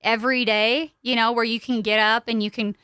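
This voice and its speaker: Bright, clear-voiced woman sharing openly. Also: fairly high pitch, level tone, a little fast, no room sound, studio quality. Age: young adult to middle-aged. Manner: open and chatty, frequent "like" fillers. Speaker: podcast guest. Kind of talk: candid personal storytelling. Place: podcast studio.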